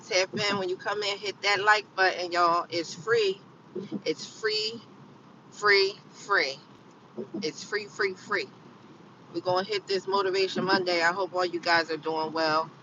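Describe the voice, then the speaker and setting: Tired woman chatting slowly from her car. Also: on the low side, steady tone, recorded from a distance, dull audio, noisy background. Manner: repeats phrases over and over, chatty and folksy. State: tired and yawning. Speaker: live-stream host. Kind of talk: casual live-stream chat while driving. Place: inside a car on the road.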